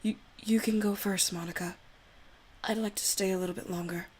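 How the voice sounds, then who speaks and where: A woman voicing a timid teenage girl from a visual novel, speaking softly and hesitantly with stammers. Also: mid-range voice, steady tone, brisk, husky, close to an everyday voice. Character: shy, timid teenage girl club member. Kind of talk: reading visual novel dialogue aloud.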